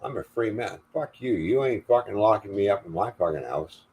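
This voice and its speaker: An older man with a low-pitched voice rants on a livestream. He swears constantly and sounds defiant and furious, hammering every point home. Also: expressive, brisk, darkish tone. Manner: angry, profane, defiant. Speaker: livestream host. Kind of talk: angry profane rant.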